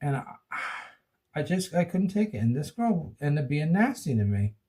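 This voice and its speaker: A man's voice: a little high, big pitch swings, normal speed, dark tone. A man speaking into his phone in an emotional personal vlog, rambling and repeating himself as he vents about his relationships. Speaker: vlogger.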